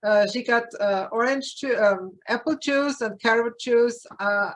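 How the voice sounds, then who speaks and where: A woman from Austria, a horse owner, speaking in a hesitant and halting way with many restarts. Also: a little high.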